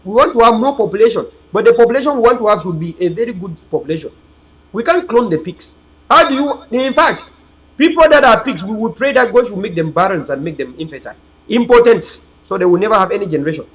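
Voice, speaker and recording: High-voiced, preachy man. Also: very animated, fast, fairly bright tone, poor audio. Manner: emphatic, preachy, repetitive. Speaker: host of an online political channel. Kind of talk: rambling livestream monologue to viewers.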